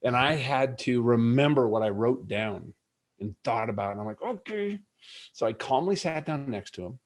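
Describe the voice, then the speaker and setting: A man's voice: medium pitch, normal speed. A middle-aged man, a guest in an interview, earnestly telling a personal story and acting out bits of dialogue.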